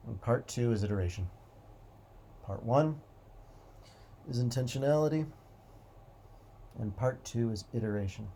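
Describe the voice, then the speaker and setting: Gravelly calm man musing slowly. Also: medium pitch, slight background noise. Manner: calm, repetitive, drawn-out phrasing. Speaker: host. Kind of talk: slow reflective motivational monologue.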